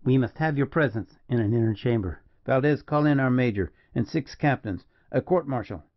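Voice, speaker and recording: A man's voice: mid-range voice, moderate pace, no room sound, highs cut off, lightly acted. A man voicing a cold, stern general who questions prisoners with harsh commands.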